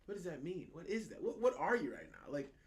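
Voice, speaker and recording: A young man co-hosting a podcast in casual political chat, animated and profane, often mocking other people's words. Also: high voice, fairly quick. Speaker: podcast co-host.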